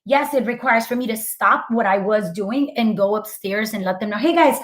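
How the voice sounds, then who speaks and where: A woman's voice: mid-range voice, moderate pace. Chatty woman co-hosting a parenting talk. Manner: warm, agreeing, frequent fillers and affirmations. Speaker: co-host of a parenting meetup. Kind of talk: casual instructive chat.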